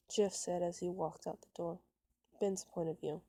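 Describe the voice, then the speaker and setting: A woman reading a fan love story aloud, with a halting delivery full of restarts and stumbles. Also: fairly low pitch, fairly even intonation, warm tone, no room sound.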